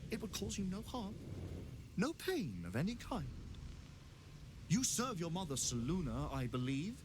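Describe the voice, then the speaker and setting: A silky scheming tower wizard. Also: male voice, high-pitched, huge pitch swings, a little slow, full character voice. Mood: persuasive. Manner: silky, theatrical, condescending. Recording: game audio with noise.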